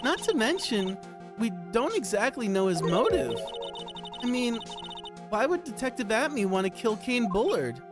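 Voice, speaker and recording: A Canadian man voicing an excitable young woman in a video game, with game music behind. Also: very high-pitched, moderate pace, voice pushed up. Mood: eager. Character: excitable young female spirit medium.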